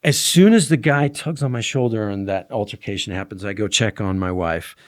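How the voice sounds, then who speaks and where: A young man in a casual podcast conversation, telling a story animatedly and dropping to a hush at tense moments. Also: lowish voice, moderate pace. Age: young adult. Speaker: podcast guest.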